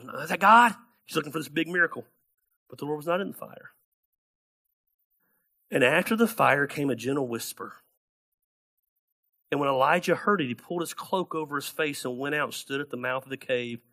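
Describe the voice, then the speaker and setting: A man preaching a sermon as pastor, animated and acting out the people in his Bible stories. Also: on the high side.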